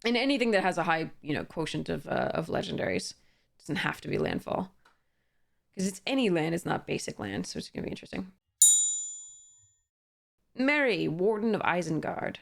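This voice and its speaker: A woman's voice: fairly low pitch, sing-song, moderate pace, gravelly, pauses often. A young woman chatting casually as she opens card packs, reading card text aloud with frequent fillers and small laughs. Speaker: card game YouTuber. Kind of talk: casual pack-opening commentary.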